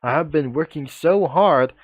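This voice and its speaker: High whiny cookie girl who just wants a nap, guy doing the voice, comic reading. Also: a little slow, slightly rough, no echo, lo-fi sound. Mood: pleading. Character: sleepy young female cookie girl hiding to nap.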